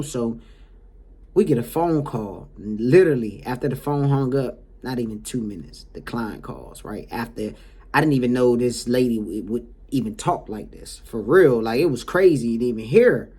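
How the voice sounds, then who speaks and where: Man, husky voice, casual storytelling, animated and heated, home care business owner. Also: mid-range voice, normal speed.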